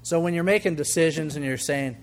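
A man's voice: fairly high pitch, fairly quick. An older man preaching a sermon as a pastor, talking conversationally and acting out the voices in his stories. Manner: conversational, animated, acts out quoted voices, chuckles. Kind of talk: sermon with storytelling.

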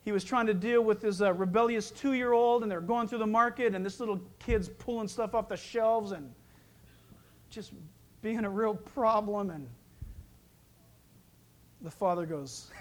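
A man's voice: high-pitched, a little slow, long pauses. A middle-aged male pastor preaching a sermon, joking and acting out little voices as he goes. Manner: lively, joking preacher who acts out voices.

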